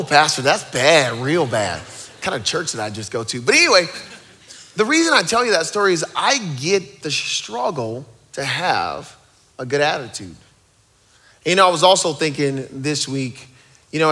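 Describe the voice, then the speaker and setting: Male pastor, 30s, sermon; energetic, joking asides, bright forceful tone. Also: a little high.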